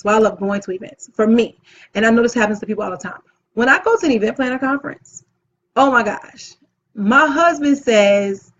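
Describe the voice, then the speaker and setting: Husky high-voiced woman, enthusiastic teacher. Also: fairly bright tone, lo-fi sound. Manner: enthusiastic, talks with her hands. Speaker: event planner and channel host. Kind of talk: motivational teaching talk to camera.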